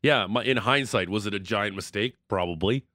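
Low-voiced joking sports radio man. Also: a little fast, sharp tone, no echo, clean studio sound. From Ontario, Canada. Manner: joking, self-mocking, lots of fillers. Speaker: radio sports show co-host. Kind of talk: casual sports radio banter.

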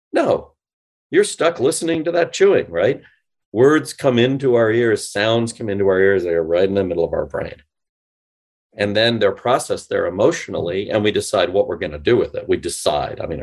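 Lively low-voiced man explaining. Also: moderate pace. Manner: animated, demonstrative, acts out phone lines. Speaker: guest, sales company CEO. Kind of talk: podcast interview, explaining.

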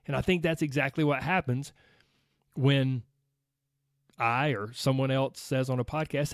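A man hosting his own podcast in a casual, chatty way, animated and laughing often as he talks to listeners. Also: medium pitch, moderate pace, pauses often, no room sound, clean studio sound. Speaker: podcast host. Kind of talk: casual solo podcast talk.

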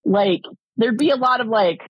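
A woman's voice: a little high, normal speed, breathy edge, no room sound, highs cut off. A woman co-hosting a casual film-review chat, rambling and swearing, with lots of fillers. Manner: rambling, profane, many fillers.

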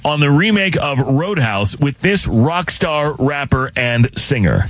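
A man runs a quiz game on a radio show with a playful, teasing manner. His voice sits fairly high and swings widely in pitch. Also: big pitch swings, takes it slowly, a bit bright, dry recording.

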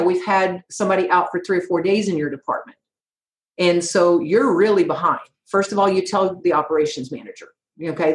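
Firm middle-aged woman, roomy sound. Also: medium pitch. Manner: firm, emphatic, direct. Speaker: insurance agency owner. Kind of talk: conversational interview answers. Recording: roomy echo.

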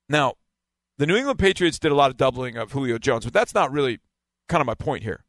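A man's voice: on the high side, a bit bright, no room sound. A man giving a casual football breakdown, explaining and stressing key words again and again. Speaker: football analyst.

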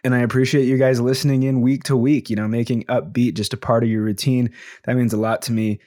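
A man's voice: medium pitch, little pitch movement, fast, mellow, no room sound, clean studio sound. A man hosting his own podcast, talking casually to listeners in an upbeat, thankful way with frequent fillers. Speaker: podcast host.

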